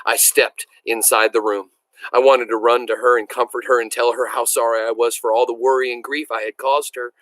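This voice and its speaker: A man reading a novel aloud in a measured, expressive storytelling manner. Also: mid-range voice, dry recording, poor audio. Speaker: reader.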